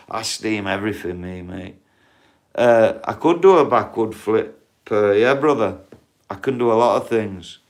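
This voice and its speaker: A man rambles through stories on a casual livestream, swearing freely and calling out to viewers by name. His voice sits a little low. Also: lively intonation, measured pace.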